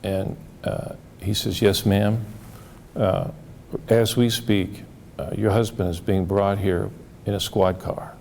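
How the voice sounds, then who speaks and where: A man telling stories from his therapy cases, halting and repeating words as he acts out quoted dialogue. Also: fairly low pitch, little pitch movement, vocal fry, darkish tone, a little hiss or hum. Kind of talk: storytelling talk.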